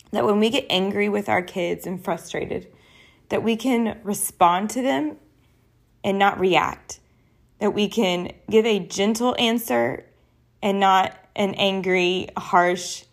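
A young adult woman hosting a podcast and talking in an earnest, personal, conversational way. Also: medium pitch. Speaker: podcast host. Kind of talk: solo podcast talk.

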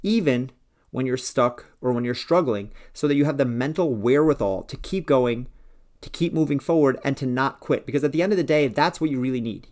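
A man's voice: mid-range voice, a little mellow. A man hosting a solo podcast, speaking in an earnest, persuasive way about working with a coach. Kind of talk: solo motivational podcast talk.

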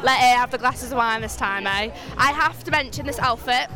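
High bright voice, bubbly lady interviewer, music n crowd murmur behind. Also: fairly quick. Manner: bubbly, complimentary. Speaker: roving red carpet interviewer. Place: event floor.

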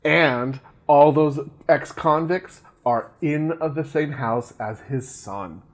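A man's voice: on the high side, takes it slowly. A man co-hosting a podcast, casually recapping a horror film, rambling with frequent fillers, restarts and laughs. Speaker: podcast co-host. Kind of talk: casual movie recap chat.

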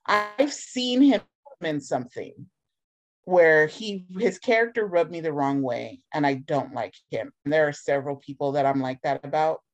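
A woman's voice: low voice, normal speed. A woman co-hosting a casual chat, blunt and sarcastic about a character she dislikes. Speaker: podcast co-host.

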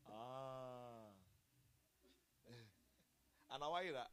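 A male pastor preaching a sermon at a church service, chuckling often and swinging from quiet murmurs to loud exclamations. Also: mid-range voice, very slow, clear, resonant tone.

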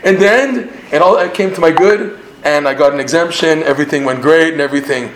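A man with a Canadian accent teaching a Torah class in an animated way, quoting Hebrew lines and then translating them. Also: fairly high pitch, a little fast, roomy sound, slight background noise.

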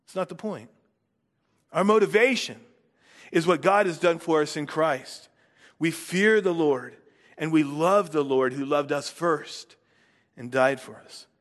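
A man preaching a sermon as pastor, earnest, building force on key words and dropping soft at phrase ends. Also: fairly high pitch, unhurried, pauses often, long reverb tail.

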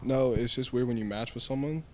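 A man's voice: mid-range voice, fairly quick, darkish tone. A man co-hosting a podcast in casual chat, giving short dry reactions, his mic set too far away. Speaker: podcast co-host.

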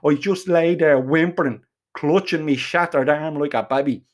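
An Irish man spins a comic first-person yarn, cursing freely and piling on slang. His voice sits a little high for a man. He rambles along like a storyteller at a bar. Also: normal speed. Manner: foul-mouthed, rambling, colourful slang.

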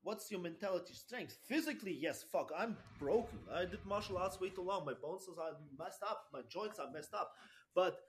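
Animated German man, slightly high voice. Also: a little hiss or hum. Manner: animated, swearing, halting non-native phrasing with many restarts. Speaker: podcast guest, dog trainer. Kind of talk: casual interview chat.

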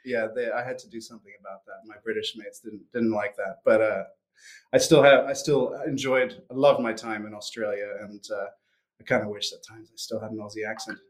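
A man's voice: on the low side, fairly even intonation, fairly quick. A man in his forties, raised between the US and Switzerland, talking casually as an interview guest, with many restarts and fillers. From Switzerland and US upbringing. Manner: hesitant, frequent restarts and fillers. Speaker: guest, sales executive.

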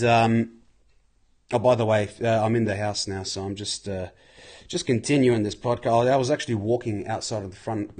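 A man's voice: medium pitch, darkish tone. A young man hosting a podcast, ranting in a casual, profane monologue while walking around home. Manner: profane, swears constantly, rants. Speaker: podcast host. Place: walking outdoors, then indoors at home.

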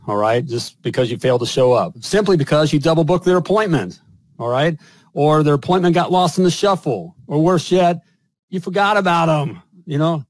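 A man's voice: mid-range voice, no room sound. A male show host and business coach who talks emphatically, often tagging lines with "all right?" and "you know". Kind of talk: host conversation and spoken sponsor pitch.

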